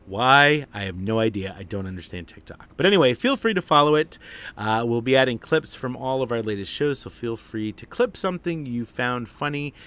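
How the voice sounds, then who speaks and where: A man's voice: medium pitch, pushed and bright. A man with a cold and a nasal voice, hosting a live stream in a rambling casual way with many fillers.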